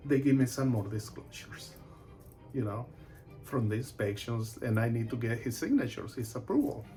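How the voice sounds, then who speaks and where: A man, a real estate agent, telling a personal story in an animated way and acting out the voices of its people. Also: medium pitch.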